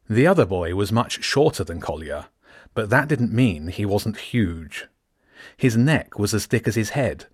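A man narrating an audiobook in a steady, measured storytelling voice. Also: on the low side, dry recording, clean studio sound.

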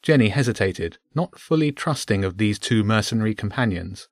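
A man's voice: on the low side, lively intonation, normal speed, no echo, studio quality. Man reading a children's story.

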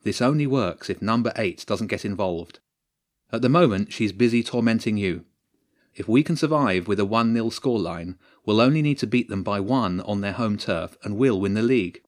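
A practical, no-nonsense girl captain rallies her team in a brisk, commanding tone, voiced by a man reading a storybook. The voice sits a little higher than his own but stays fairly low. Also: natural voice.

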